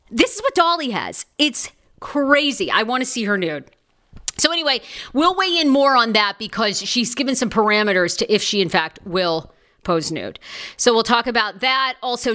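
A woman's voice: on the high side, bright, forceful tone. A woman hosting a live celebrity gossip podcast, chatty and gossipy. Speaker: podcast host.

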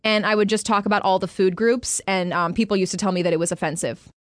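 A woman's voice: medium pitch, fairly even intonation, quick pace, dry recording, clean studio sound. A woman co-hosting a casual talk show, blunt and jokey, swearing freely. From Mexican heritage. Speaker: co-host. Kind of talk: casual radio show banter.

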